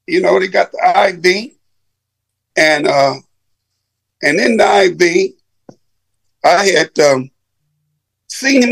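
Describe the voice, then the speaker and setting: A middle-aged man tells a personal testimony to his audience in a high, husky voice with a gravelly edge. He takes his time, telling it with drama and calling his listeners brother. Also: a bit bright. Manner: dramatic storyteller who addresses listeners as brother. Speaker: speaker giving manhood training.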